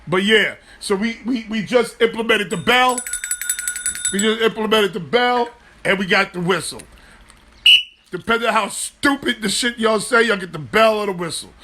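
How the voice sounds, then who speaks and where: Guy hosting a live sports show, high bright voice, loose and jokey. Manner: animated, loose and joking, swears freely. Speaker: host.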